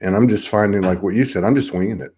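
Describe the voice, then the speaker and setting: A man's voice: on the low side, fast, warm tone, breathy edge. A man hosting a casual live online chat over a video call, talking in a rambling, reflective way with many restarts. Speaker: host.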